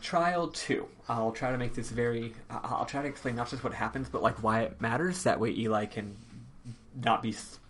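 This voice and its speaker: A man hosting a podcast, recapping a game in casual chat, rambling with lots of ums and quick laughs. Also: medium pitch, fairly bright tone. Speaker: podcast host.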